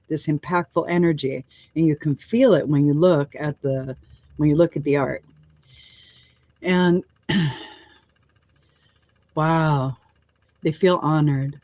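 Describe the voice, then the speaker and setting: A woman hosting a live oracle card reading. She speaks gently and affirmingly, wandering and restarting phrases as she describes what she senses. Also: sits low, no room sound. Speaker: show host and oracle card reader.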